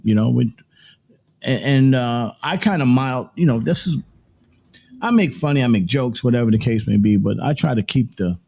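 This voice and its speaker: A man's voice: mid-range voice, animated, moderate pace, vocal fry, darkish tone, husky. A man hosting a morning livestream show, talking in a rambling, casual way and repeating himself as he works through his points.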